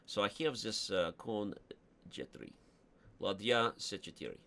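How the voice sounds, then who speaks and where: A man's voice: fairly low pitch, expressive, a little slow, gravelly, sharp tone. A man streaming a chess game live, commentating in a playful, jokey, rambling way.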